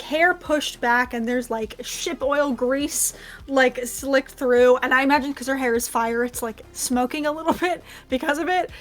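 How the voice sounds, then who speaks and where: A woman at a tabletop game with a high-pitched voice, talking in a chatty, laughing way that is full of fillers. Faint music plays behind her. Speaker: player. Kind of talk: tabletop game role-play.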